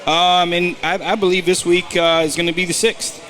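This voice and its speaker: A man's voice: high-pitched, flat delivery, normal speed, a bit bright. A man co-hosting a golf podcast in casual chat, giving betting picks and teasing his partner with stop-start banter.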